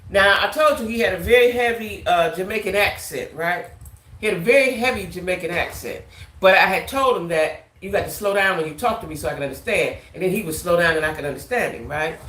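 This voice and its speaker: A woman vlogger telling a casual storytime tale, animated, ending her lines with "right?". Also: lowish voice, brisk, roomy sound.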